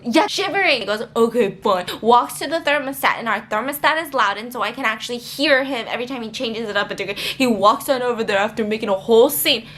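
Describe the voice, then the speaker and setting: A woman's voice: fairly high pitch, quick pace, few pauses. A woman vlogger telling a story in a casual chat, laughing often and acting out what people said. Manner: animated, laughs often, acts out quotes.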